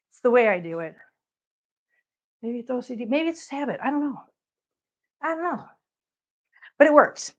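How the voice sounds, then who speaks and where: A woman hosting a casual livestream, chatting with viewers and cooing baby talk at her cats. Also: on the high side. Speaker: channel host. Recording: dull lo-fi sound.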